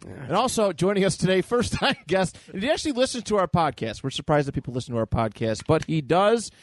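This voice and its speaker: A man's voice: high voice, sing-song, fast talker, no room sound. A man hosting a podcast, introducing a guest and topics in an easygoing, chuckling way. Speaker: podcast host. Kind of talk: casual podcast banter.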